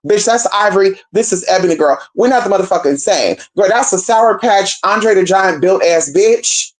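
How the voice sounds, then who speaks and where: A woman's voice: medium pitch, moderate pace. A brash, profane woman from Northern California telling a gossipy story and talking straight to her viewers. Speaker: storyteller vlogger. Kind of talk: casual storytime chat.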